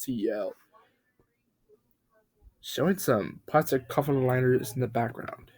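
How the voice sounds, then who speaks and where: With a mid-range voice, a man narrates a parody creepypasta in a mock-serious, deadpan tone, using dramatic pauses.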